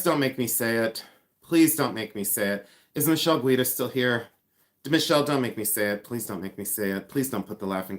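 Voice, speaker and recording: Man, 50s, livestream host, casual chat, self-mocking, teasing, mid-pitched voice. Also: fairly bright tone. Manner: playful, self-mocking, teasing viewers by name; hums and scats tunes.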